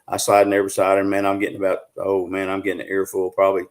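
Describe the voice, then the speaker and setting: A middle-aged Southern US man with a fairly low voice spins a long tale in a folksy, unhurried way. He leans on fillers and restarts as he talks through it on a live show. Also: completely flat delivery. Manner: folksy, drawn-out storytelling with many fillers. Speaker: guest, Bigfoot researcher. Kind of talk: casual storytelling on a live show.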